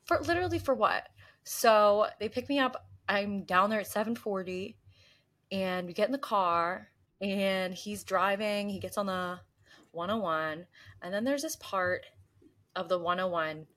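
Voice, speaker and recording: A young woman from the US East Coast, co-hosting a podcast in casual chat and telling animated stories, mimicking voices and gasping. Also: medium pitch, unhurried. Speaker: podcast co-host.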